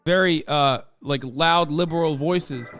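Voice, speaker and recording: A man's voice: fairly high pitch, a little slow, a bit bright, no room sound, studio quality. A man livestreaming, giving heated, profane, sarcastic commentary while reacting to a news piece.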